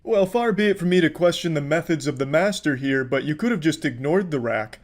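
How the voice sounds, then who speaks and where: A man giving profane, mocking commentary with deadpan sarcasm over video clips. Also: fairly high pitch, brisk.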